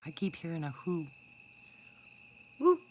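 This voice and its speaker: A woman's voice: sits low, moderate pace, slight background noise. A woman casually chatting with livestream viewers, greeting them by name and calling out whoops. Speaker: livestream host talking to viewers. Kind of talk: casual live chat outdoors. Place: outdoors in woods at night.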